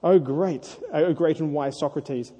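A man's voice: on the high side, measured pace, dark tone, slightly rough. A man reading aloud the lines of a pompous young man who fawns over a sage and then begs for air. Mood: fawning. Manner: fawning, then desperate. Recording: echoey hall.

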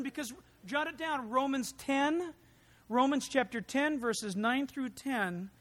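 Male pastor, sermon delivery, animated and dynamic. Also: high-pitched. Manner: animated, acts out voices, swings from quiet to loud.

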